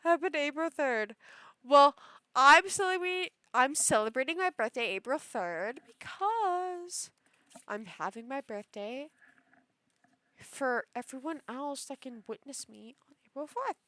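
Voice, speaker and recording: A young woman vlogs in a casual, gushing way, her high voice leaping up and down as she fawns over cute little items. Her tone is bright and her pace is slow and easygoing. The sound is dry and close. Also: dry recording. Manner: gushing, excitable, squeals over cute things. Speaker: vlogger. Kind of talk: casual chat.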